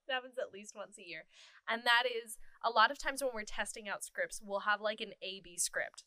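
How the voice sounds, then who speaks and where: A woman co-hosting a casual chat about theater, an animated storyteller who laughs often. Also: mid-range voice, clear, resonant tone, no room sound.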